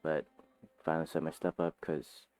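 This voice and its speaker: A man with a very low voice talks casually at home right after waking up. He rambles and jumps between ideas, swearing now and then. Soft guitar music plays faintly behind him. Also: flat delivery, moderate pace. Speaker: aspiring author. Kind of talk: casual morning vlog, thinking aloud. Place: home, just woken up.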